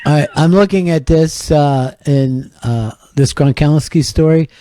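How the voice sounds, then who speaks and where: A man's voice: a little high, measured pace, a crowd in the background. A middle-aged man hosting a comedy radio show, blunt, profane and mocking. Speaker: radio host.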